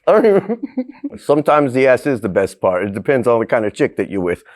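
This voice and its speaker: A man's voice: mid-range voice, sing-song, brisk. A man hosting a crude comedic cooking vlog, brash and profane, laughing often. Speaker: host.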